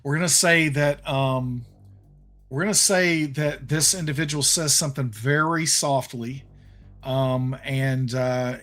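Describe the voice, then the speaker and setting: Man, Southern accent, game master, halting delivery full of ums, faint music underneath. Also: medium pitch, a bit bright. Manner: hesitant, many ums and restarts. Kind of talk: narrating a tabletop game.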